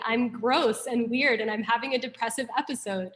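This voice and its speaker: A young New York City woman teaches a Buddhist class in a relaxed, talkative style, telling lively stories and saying "like" often. Her voice is fairly high and her pace moderate.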